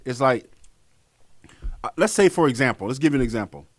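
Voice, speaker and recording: A young man co-hosting a podcast, talking casually and profanely, swinging from low mutters to high outbursts. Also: animated, fairly quick, no echo, studio quality. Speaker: podcast co-host. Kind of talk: casual chat.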